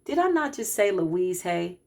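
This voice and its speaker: A woman talks to her followers as a spiritual practitioner. She gets animated and emphatic, repeating lines the way a preacher does. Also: on the low side, a little slow, gravelly. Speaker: spiritual practitioner giving a card reading.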